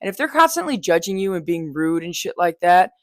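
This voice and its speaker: A woman's voice: fairly low pitch, sing-song, brisk, no room sound, studio quality. A young woman hosting a podcast, talking in a casual personal monologue, blunt and frank, swearing freely with chatty asides. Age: young adult. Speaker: podcast host.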